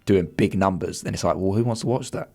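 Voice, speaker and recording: Congested man, low voice. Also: fast, darkish tone, soft background music. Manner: opinionated, rambling. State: congested nose. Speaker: podcast co-host. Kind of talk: casual chat.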